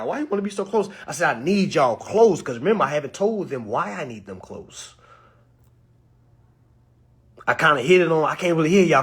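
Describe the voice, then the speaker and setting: A young man telling a story to his audience, acting out the quotes with sudden high bursts and laughs. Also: husky. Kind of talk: animated storytelling talk.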